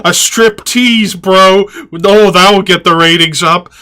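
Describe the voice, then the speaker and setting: A brash, pushy wrestling booker talks in a high, slow, bright voice and calls everyone bro, as a man mocks him in a podcast impression. He sounds like a salesman pitching a bad idea. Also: clean tone, heavily acted.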